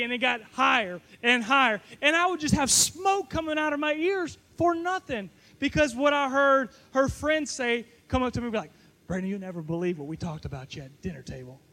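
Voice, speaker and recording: A man's voice: very high voice, bright, forceful tone. A middle-aged man giving a sermon, telling a self-mocking personal story to a live audience in a playful, joking way. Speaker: youth pastor.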